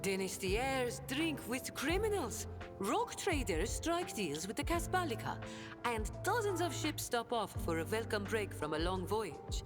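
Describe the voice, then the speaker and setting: A woman voicing a sly, worldly smuggler-trader who keeps up a refined front, in a theatrical video game delivery with hushed asides. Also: on the high side, very animated, a little slow. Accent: non-standard accent. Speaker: game companion character. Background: game music.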